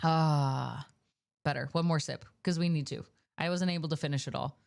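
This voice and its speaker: A woman's voice: low voice, steady tone, normal speed, gravelly, darkish tone. A young woman streamer chatting casually at the end of a stream, playful and talkative. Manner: chatty and playful, baby-talks to her dog.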